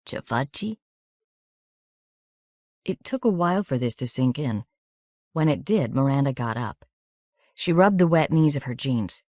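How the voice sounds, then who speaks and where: A woman narrating an audiobook in a measured, steady reading. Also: rumbling low, dry recording, clean studio sound.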